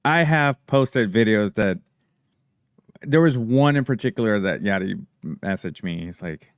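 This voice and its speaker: A man's voice: on the low side, animated, measured pace, dry recording, studio quality. A man co-hosting a podcast in casual chat, joking and teasing his friends. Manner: joking, teasing, swears freely. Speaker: podcast co-host.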